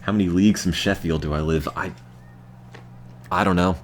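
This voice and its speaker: An American man streaming a game, chatting to his viewers in a deadpan, self-mocking way. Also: low voice, normal speed, slight background noise. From United States. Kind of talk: casual gameplay commentary to chat.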